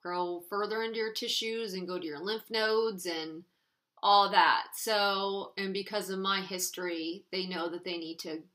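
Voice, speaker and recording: A woman's voice: medium pitch, steady tone, measured pace, bright, forceful tone. A young woman vlogger talking candidly and earnestly in a casual sit-down chat to her viewers.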